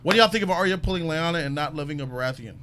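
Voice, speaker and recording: A man hosting a casual panel talk show about a TV episode, talking in an emphatic, animated way. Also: a little high, very fast. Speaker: show host.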